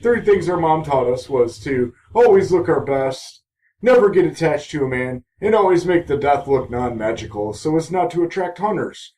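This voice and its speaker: A man's voice: fairly high pitch, lively intonation, moderate pace, a little mellow, distant mic, close to an everyday voice. A man voicing a sly, scheming young female witch while recapping a TV episode.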